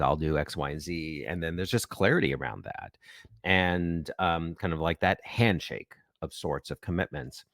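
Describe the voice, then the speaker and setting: A man being interviewed as an expert guest on a podcast, explaining in a measured way with frequent ums. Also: low-pitched, no room sound, studio quality.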